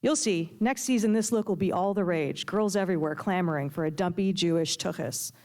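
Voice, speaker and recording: A woman's voice: lowish voice, brisk, darkish tone, natural voice. A woman reading aloud, voicing a nervous, self-mocking young woman who ran from a wedding. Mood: wry. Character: nervous self-deprecating young Jewish woman, runaway bridesmaid.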